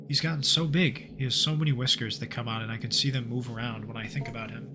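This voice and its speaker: A man's voice: medium pitch, steady tone, fast, background noise, lightly acted. A man reading as an eager little girl. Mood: gushing. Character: eerie enthusiastic little girl.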